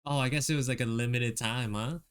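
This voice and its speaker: A man streaming while he draws, chatting casually with viewers in a relaxed way and chuckling often. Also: mid-range voice, brisk, clear, resonant tone.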